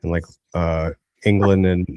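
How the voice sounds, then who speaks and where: A man with a very deep voice joins a casual chat, cracking deadpan jokes and insisting on his point. His voice is close and dry, with no room sound. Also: measured pace, no room sound, lo-fi sound.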